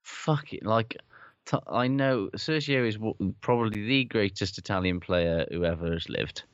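A man with a very deep voice trades opinions on sport in a blunt, cursing, no-nonsense way. The recording is dull and lo-fi, with a dry, close sound. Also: moderate pace, clean tone, no echo. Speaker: podcast co-host. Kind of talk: casual sports chat.

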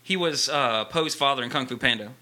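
Fast-talking, very bright-voiced male podcaster. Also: mid-range voice. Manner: teasing, quick questions, chuckles. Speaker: podcast co-host. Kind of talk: casual chat.

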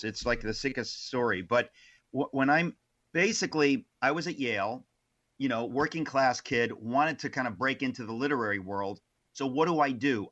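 Male author guest, bright forceful voice, slightly dull lo-fi sound, animated storyteller. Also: mid-range voice. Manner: animated, many restarts and asides. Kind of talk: casual interview storytelling.

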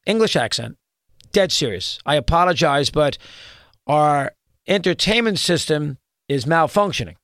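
Excitable rambling male talk show host. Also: fairly high pitch, dry recording, clean studio sound. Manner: rambling, excitable, many restarts. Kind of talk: storytelling monologue.

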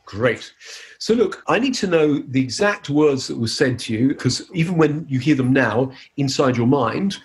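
A man's voice: medium pitch, animated, moderate pace. A man, a hypnotist, leading a live teaching demonstration in an upbeat, playful way. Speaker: hypnotist giving a seminar.

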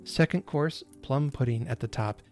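A man narrating a classic holiday story in a gentle, expressive storytelling manner. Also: mid-range voice, normal speed, faint music behind.

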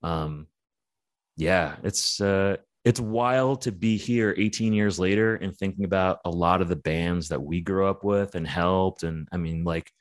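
A man's voice: low voice, a little slow. A man in casual, rambling, profane chat about the metal scene, full of fillers.

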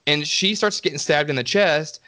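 Recapping a slasher film on a podcast he co-hosts, this man rambles sarcastically, laughing and swearing a lot. His voice is fairly high, bright and forceful, at a moderate pace. The recording is dry, with clean studio sound.

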